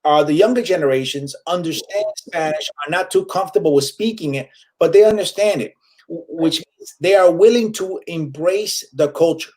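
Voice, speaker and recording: A man, chatting casually as a comedian guest in an interview. His voice sits a bit high, and he flips freely between Spanish and English while acting out the people he quotes. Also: normal speed, darkish tone. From Puerto Rico.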